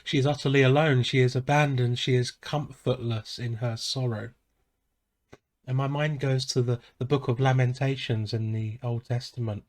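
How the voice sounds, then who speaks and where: A man preaching a sermon as a pastor, measured and solemn, pausing softly between phrases. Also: medium pitch, fairly even intonation. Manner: slow, measured and solemn, with soft pauses.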